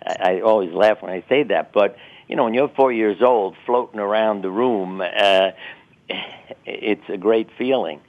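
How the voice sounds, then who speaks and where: An older man recounts personal experiences in a relaxed, reflective interview manner, now and then laughing at himself. His voice sits very low. The sound is narrow and tinny, like a telephone call. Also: unhurried. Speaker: guest. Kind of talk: interview storytelling. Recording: tinny phone-line sound.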